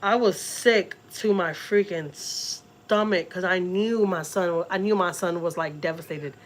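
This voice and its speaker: A woman's voice: on the low side, measured pace. A middle-aged woman from Texas, telling a story in a casual, emotional way to her vlog viewers and repeating words as she goes. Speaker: family vlogger.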